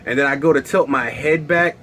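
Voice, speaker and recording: A man's voice: mid-range voice, a little fast, bright, forceful tone, slight background noise. A man telling a personal story in a casual, slangy way, with lots of fillers and laughs. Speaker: storyteller vlogger.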